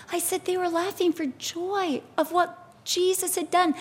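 High-voiced animated woman preaching. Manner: animated, expressive storytelling with acted-out quotes. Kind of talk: sermon.

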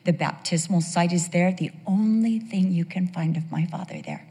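A woman pastor telling church stories in an animated sermon, sometimes dropping to a whisper. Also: fairly low pitch, normal speed, few pauses, slight background noise. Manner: animated storyteller, drops to a whisper for emphasis. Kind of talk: sermon storytelling. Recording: long reverb of a large hall.

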